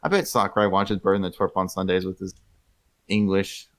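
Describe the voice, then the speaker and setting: Joking young man, lowish voice. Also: steady tone, a little fast. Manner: joking, playful, does silly voices. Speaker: podcast co-host. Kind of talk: casual chat.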